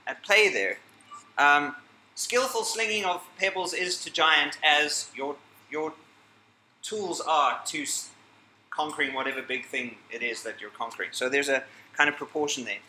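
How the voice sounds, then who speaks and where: A man's voice: on the high side, sharp tone, a little hiss or hum. A man giving a talk to a live audience, chatty and joking, breaking off mid-sentence and laughing at his own asides. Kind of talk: lively lecture to a live audience. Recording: echoey hall.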